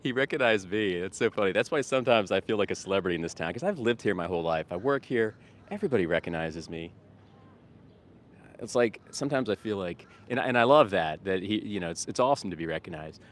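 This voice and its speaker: A man's voice: low-pitched, lively intonation, fast. A man recording a casual vlog outdoors on a town street while doing vegan outreach. He talks in a rambling, upbeat way with many fillers and restarts. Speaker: vegan street activist and vlogger.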